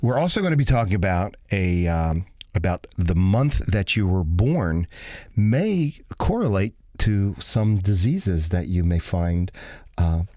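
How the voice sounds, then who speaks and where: A man's voice: low voice, lively intonation, a little slow, warm tone, dry recording, clean studio sound. A man co-hosting a radio show in a playful, joking, casual chat. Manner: playful, jokey, drops in pirate growls.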